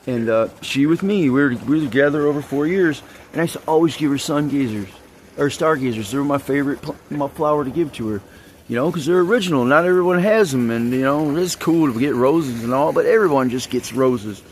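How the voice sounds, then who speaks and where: A man's voice: medium pitch, a little hiss or hum. A man rambling and venting in an agitated monologue, swearing heavily as he talks. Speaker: vlogger.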